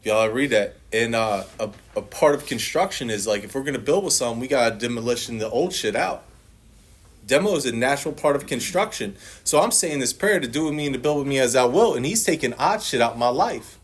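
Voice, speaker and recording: A man's voice: mid-range voice, expressive, fairly quick, slightly rough. A man speaking at a recovery meeting, sharing his personal testimony in a blunt, profane, storytelling way and acting out other people's lines.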